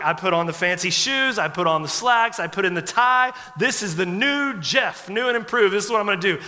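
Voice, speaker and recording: A pastor in his forties delivers a sermon in a high, bright voice. He tells humorous stories in a chatty, relaxed way. His voice rings out with a long reverb in a church sanctuary. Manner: conversational, humorous storytelling.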